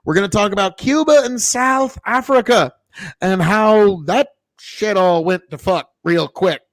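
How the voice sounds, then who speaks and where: Host, male, from Nebraska. Rambling, swears constantly, high gravelly voice, close dry sound. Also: unhurried, dry recording. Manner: profane, rambling storyteller. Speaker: podcast host. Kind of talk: casual chat.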